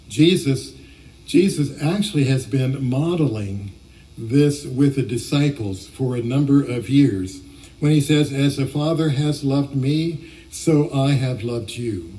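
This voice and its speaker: Male pastor, sermon delivery, warm mellow voice, distant church mic. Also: mid-range voice. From Ohio, USA.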